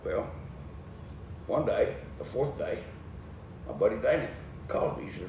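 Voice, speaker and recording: A man telling a folksy story, animated and laughing as he goes. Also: lowish voice, a little slow, creaky, pauses often. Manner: lively, animated, laughs through his story. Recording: echoey room, distant mic, faint noise.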